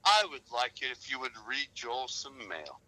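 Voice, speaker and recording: A man's voice: medium pitch, huge pitch swings, normal speed, sharp tone, faint music behind, poor audio. A man co-hosting a podcast, chatting casually, bossy and swearing a lot. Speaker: podcast co-host. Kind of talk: casual profane banter.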